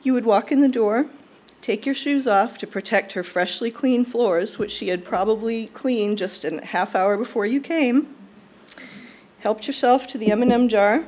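A young woman delivering a prepared eulogy at a funeral service, in a warm, fond and measured way. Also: fairly high pitch. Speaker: eulogy speaker.

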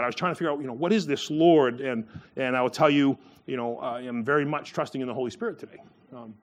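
A man giving a sermon in a loose, conversational way, full of fillers and restarts, who jumps up in pitch when he acts out the people in his stories. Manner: acts out quoted voices with a sharp rise in pitch. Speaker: preacher.

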